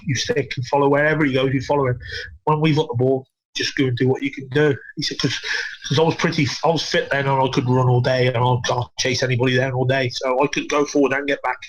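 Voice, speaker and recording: A man's voice: medium pitch, poor audio. A middle-aged man, a former footballer, telling stories casually and swearing a lot. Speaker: podcast guest, former footballer.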